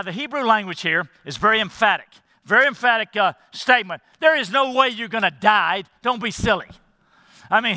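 A man's voice: sits high, sharp tone, no echo, in a large hall. A male pastor preaching a sermon emphatically, appealing directly to the congregation.

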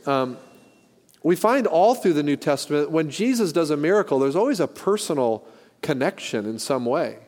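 Pastor preaching in a reverberant hall. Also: male voice, fairly high pitch, lively intonation, moderate pace, a little mellow. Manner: folksy, joking storytelling with frequent restarts. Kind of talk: sermon.

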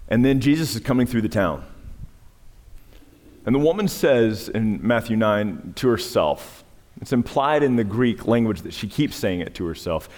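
A male pastor preaching a sermon, his voice climbing in emphatic peaks and dropping to a hush when he tells stories. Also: fairly low pitch, animated, moderate pace. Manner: preaching with rising emphatic peaks and hushed storytelling. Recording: long reverb of a large hall.

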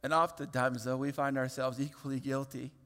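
A man, a pastor, delivering a sermon that moves from quiet reflection to loud, pleading emphasis. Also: mid-range voice, flat delivery, brisk, big-room sound.

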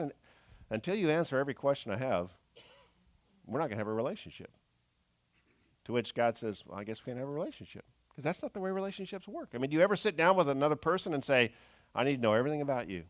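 A man preaching a sermon in a conversational storytelling manner, swinging between loud bursts and hushed asides. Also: mid-range voice, big pitch swings, quick pace, pauses often, no room sound.

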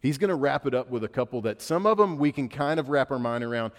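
A male pastor gives a casual, joking sermon and tells stories in a relaxed, chatty way. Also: mid-range voice, fast talker, long reverb tail. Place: church sanctuary.

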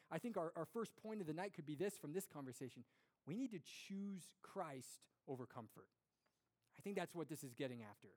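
A young man giving an earnest, conversational sermon to a congregation, with lively storytelling and rhetorical questions. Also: sits high. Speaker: pastor.

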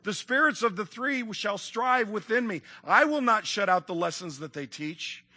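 A man's voice: high voice, expressive, moderate pace, bright, forceful tone, pitched above the performer's own voice, exaggerated voice. A man reading aloud as a frightened old miser, pleading and urgent in a dramatic reading. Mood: imploring. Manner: desperate, begging, raised and urgent.

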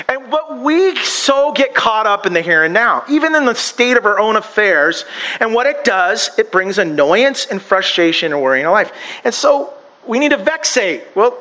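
Bright high-voiced man preaching casually. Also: poor audio. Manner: conversational, joking asides and self-deprecating stories; stumbles and restarts often. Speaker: pastor. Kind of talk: sermon.

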